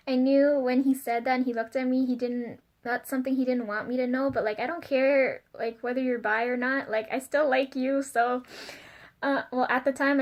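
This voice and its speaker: Giggly young woman with a high voice. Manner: chatty, giggly, lots of fillers like "like" and "um"; flustered and self-conscious. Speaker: vlogger. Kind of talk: casual confessional vlog.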